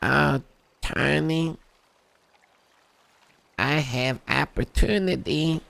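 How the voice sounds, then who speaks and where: A man putting on a slow, crooning crime boss. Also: fairly high pitch, gravelly, a bit bright, no echo, voice pushed up, full character voice. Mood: coaxing. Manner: slow, drawn-out, crooning delivery.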